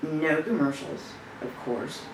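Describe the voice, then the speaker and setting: Actress as a social worker, improvised monologue, slow rambling delivery, low-ish voice. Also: female voice, background noise. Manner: rambling, conversational storytelling with fillers. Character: adult woman social worker recounting a family row. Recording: echoey room, distant mic.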